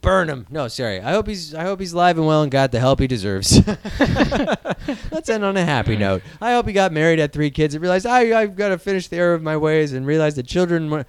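A man in his thirties from Iowa holds forth on movies with heated, profane energy. His voice sits a bit high and comes through smooth and resonant. The sound is dry, with no room around it. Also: brisk, dry recording. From Iowa, USA. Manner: animated, ranting, swears a lot. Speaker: podcast host. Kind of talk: casual profane movie-news chat.

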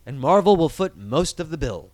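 A man's voice: fairly high pitch, very animated, normal speed, darkish tone, dry recording. A man hosting a casual podcast segment, swearing freely and rambling with animation. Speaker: podcast host.

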